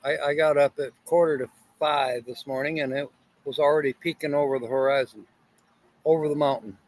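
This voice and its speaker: Casual male livestream host, slightly high voice, rambling morning chat, talks with his mouth full. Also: fairly even intonation, a little fast, low-quality recording. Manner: rambling, greets viewers by name, pirate greeting; talks while eating.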